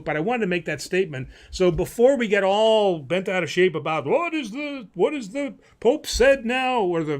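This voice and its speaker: A man, a priest, hosting a live-stream Q&A, talking in an animated, preachy way with self-mocking humor. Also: fairly high pitch. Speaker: priest host answering viewer questions.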